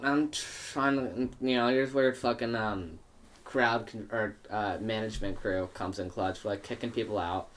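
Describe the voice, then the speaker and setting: A young man, a podcast guest, telling a party story in casual chat, swearing and acting out quotes. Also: moderate pace. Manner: animated, profane, acts out quotes with big pitch jumps.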